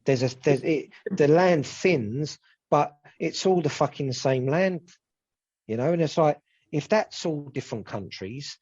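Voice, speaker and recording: A man, hosting a podcast and chatting casually, animated and sweary as he rambles. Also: fairly high pitch, unhurried, slightly rough. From England. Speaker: podcast host. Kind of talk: casual chat. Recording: dull lo-fi sound.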